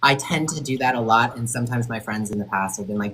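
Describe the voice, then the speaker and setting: A man hosting a casual group chat over a video call, animated and often laughing. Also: mid-range voice, fast, a little hiss or hum, poor audio. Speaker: host.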